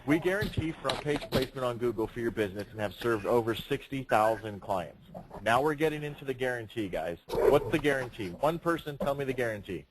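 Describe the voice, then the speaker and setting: A man's voice: medium pitch, expressive, brisk. A man leading a sales training session, speaking emphatically, projecting his voice and firing rhetorical questions. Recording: noisy room recording.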